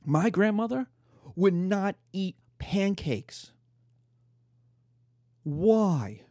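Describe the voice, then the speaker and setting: A middle-aged man giving a lively, emphatic history lecture. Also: high-pitched, extremely slow, no echo, studio quality. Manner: animated, emphatic, mimics voices in quotes.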